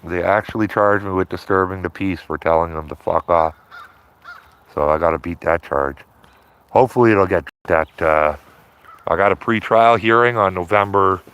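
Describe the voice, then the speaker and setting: Rambling livestreamer, low-pitched man, loose casual talk outdoors by a river, tags lines with "man". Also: fairly bright tone. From Canada. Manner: rambling, repeats himself, tags phrases with "man". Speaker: livestreaming auditor.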